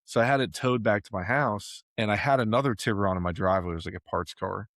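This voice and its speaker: Male podcast host, lowish voice, dry close sound, rambling anecdotes. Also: quick pace, a bit bright, no echo. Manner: chatty storyteller, laughs often, many fillers. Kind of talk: casual chat.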